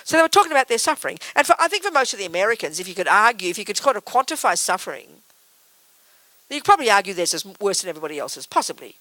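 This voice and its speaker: A woman Buddhist teacher speaks to a live audience with a bright, cutting tone. Her pitch swoops and climbs freely as she drives home blunt points with teasing asides. The sound is close and dry. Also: very animated, racing, no room sound, rough recording. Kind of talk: public talk. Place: talk before a live audience.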